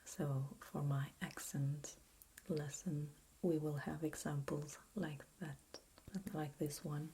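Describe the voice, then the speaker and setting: A woman's voice: low voice, little pitch movement, slow pace, warm tone, a little hiss or hum. An Italian woman with an Italian accent, whispering a patient language lesson as ASMR, drawing out words for the listener to repeat. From Italy. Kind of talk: whispered role-play.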